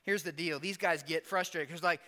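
A man preaching a sermon, lively, acting out Bible characters in quick asides. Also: fairly high pitch. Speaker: pastor.

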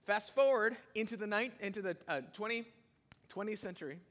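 A man with a slightly high voice delivers a sermon from the pulpit. He leans hard into key phrases, then drops low and quiet. His voice carries a long reverb tail through the large hall. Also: brisk. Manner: animated preaching, rising and dropping loudness for emphasis. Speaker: pastor.

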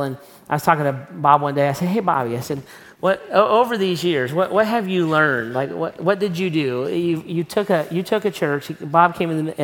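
Emphatic, conversational male pastor preaching. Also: a little high. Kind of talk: sermon.

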